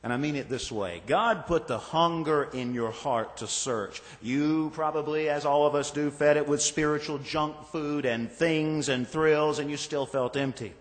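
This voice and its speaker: A man's voice: fairly high pitch, fairly even intonation. Earnest man preaching in an echoing hall. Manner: earnest, rhetorical, slowing for emphasis. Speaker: pastor. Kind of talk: sermon. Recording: reverberant hall.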